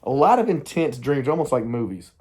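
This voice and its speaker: Middle-aged guy rambling to the camera, candid, keeps trailing off, medium-pitched voice. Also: very animated, fairly quick, darkish tone, slightly rough. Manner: candid, meandering, self-interrupting. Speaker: vlogger. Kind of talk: rambling personal vlog.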